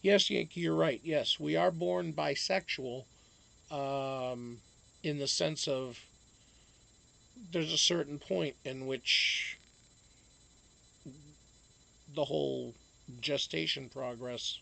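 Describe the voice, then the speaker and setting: Slow, gravelly man chatting on a stream. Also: fairly high pitch, pushed and bright, low-quality recording. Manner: rambling, jokey, swears, talks to chat by name. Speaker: live-stream host reading chat. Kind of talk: casual live-stream chat.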